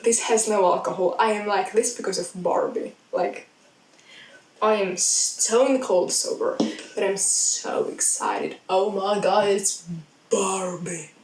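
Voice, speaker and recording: A young woman chatting excitedly in a rambling film review vlog. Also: mid-range voice, slow. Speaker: vlogger. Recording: echoey sound, mic at a distance.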